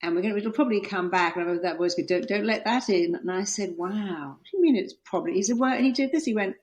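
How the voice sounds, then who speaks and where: A middle-aged woman author, a guest on an interview podcast, telling stories with lively quoted voices. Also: medium pitch, fast talker, noisy background. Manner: animated storytelling, acting out quoted voices.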